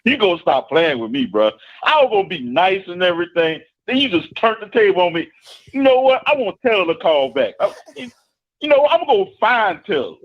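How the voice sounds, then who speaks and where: A man's voice: high voice, very animated, normal speed, highs cut off. A man calling in to a live show as a coach, teasing the host and then explaining his point at length. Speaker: caller, football coach. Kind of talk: casual call-in chat.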